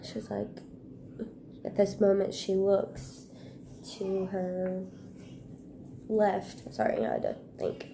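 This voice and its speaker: A woman vlogger telling a painful personal story in a halting, hushed way, pausing and restarting. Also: mid-range voice, sing-song, slight background noise.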